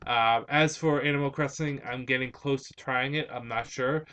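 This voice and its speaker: A man's voice: medium pitch, steady tone, normal speed, bright, forceful tone, dull audio. A young man with a slight Spanish-influenced accent on some words, hosting a vlog and answering viewer questions in a rambling, hesitant way with many fillers. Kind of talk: casual chat.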